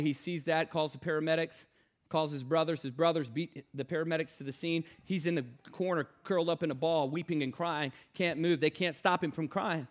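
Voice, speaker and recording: Impassioned high-voiced male preacher. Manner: impassioned, repetitive, swings from loud to hushed. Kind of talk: sermon storytelling.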